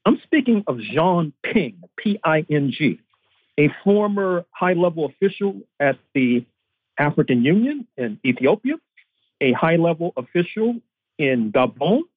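A man's voice: on the high side, very animated, a little slow, breathy edge, no echo. A man, a history professor, giving political analysis as a guest in long, lecturing historical arguments. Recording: tinny phone-line audio.

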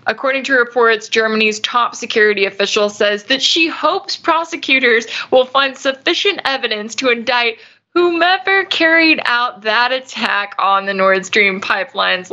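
A woman's voice: mid-range voice, pushed and bright, highs cut off. A woman hosting a news commentary show, arguing her points through hypotheticals and rhetorical questions. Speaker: radio news host.

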